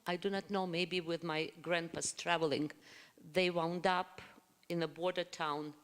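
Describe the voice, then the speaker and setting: A woman's voice: lowish voice, steady tone, a little slow. A woman panelist from the former Soviet Union, sharing a personal story in a thoughtful, hesitant way. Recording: long reverb of a hall.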